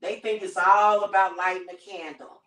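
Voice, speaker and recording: A woman's voice: mid-range voice, steady tone, normal speed, a bit bright. A woman, a witch and spiritual teacher, ranting casually and bluntly with plenty of cursing and laughter. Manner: profane, laughing often, blunt. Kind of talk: casual vlog rant.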